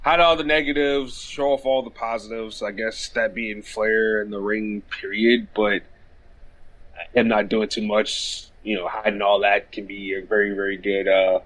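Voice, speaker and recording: A man's voice: fairly low pitch, level tone, a little slow, a bit bright, rough recording. A man co-hosting a casual wrestling podcast, rambling with lots of fillers and frequent laughter. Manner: rambling, laughs often, loose and profane. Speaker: podcast co-host.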